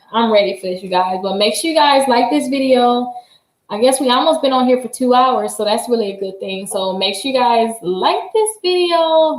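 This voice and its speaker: A woman hosting a casual livestream, chatty and excitable, laughing often and talking straight to her viewers. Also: fairly high pitch. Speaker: credit repair livestream host. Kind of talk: casual livestream chat reading viewer comments. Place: her office. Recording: roomy echo.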